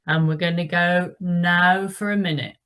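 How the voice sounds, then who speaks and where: A woman's voice: lowish voice, steady tone, measured pace, a bit bright, clean tone. A woman leading an indoor cycling class, giving encouraging instructions and calling out the pedaling rhythm.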